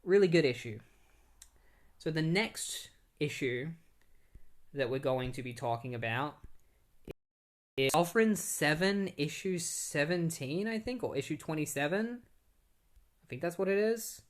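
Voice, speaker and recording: A man's voice: a little high, lively intonation, unhurried, pauses often. Rambling young man recapping comics. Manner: rambling and conversational. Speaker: comic book reviewer. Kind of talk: casual comic book recap.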